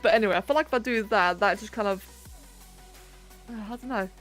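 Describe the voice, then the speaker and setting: A woman's voice: medium pitch, a little fast, fairly bright tone. A woman hosting a live stream, chatting casually and thinking aloud with self-mocking humour while she sculpts. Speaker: livestream host. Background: faint electronic music.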